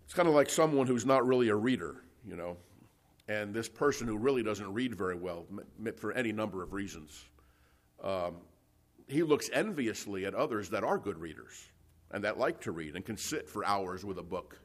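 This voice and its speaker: A man preaching an expository Bible teaching, emphatic and repetitive, often clearing his throat and checking in with "okay?" and "you see". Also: on the low side, animated, normal speed. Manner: emphatic, repetitive, stammers on restarts.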